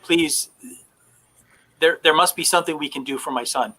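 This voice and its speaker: A man's voice: on the high side, normal speed, sharp tone, rough recording. A man voicing an anxious priest and grieving father in a tabletop game, pleading and holding back tears. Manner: pleading, choked up.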